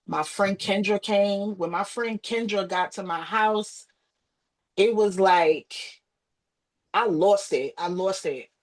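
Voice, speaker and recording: An American woman, a podcast guest, telling a painful personal story and acting out the voices of her family as she goes. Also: rough recording. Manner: acts out quoted voices, rising high and emotional.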